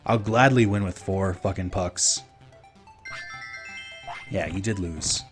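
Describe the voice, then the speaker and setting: A fairly low-voiced man from Minnesota streaming a video game. He gives loose, profane commentary and laughs as he chats with his viewers. Faint game music plays in the background. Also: slow. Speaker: let's play streamer. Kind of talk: casual gameplay commentary.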